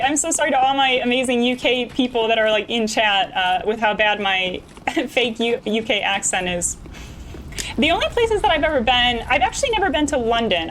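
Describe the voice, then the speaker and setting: A woman's voice: a little high, fairly bright tone, slight background noise, low-quality recording. A young woman streaming a game, chatting casually with her viewers and laughing often. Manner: bubbly, chatty, laughs often, talks to chat. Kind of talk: casual gameplay chat.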